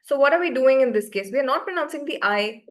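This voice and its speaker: A woman's voice: sits high, expressive, fast talker. Woman teacher walking beginners through french sounds, patient, keeps asking if they got it. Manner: checks understanding often, patient explaining. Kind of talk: online class teaching.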